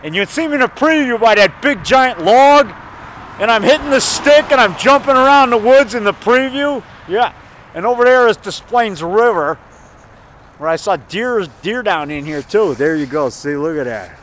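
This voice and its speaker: High-voiced man rambling on a walk. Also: expressive, moderate pace, fairly bright tone, a little hiss or hum. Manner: chatty, enthusiastic, repeats himself, chuckles. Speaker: indie horror filmmaker giving a tour. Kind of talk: rambling walking tour vlog. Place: outdoor forest preserve by a river.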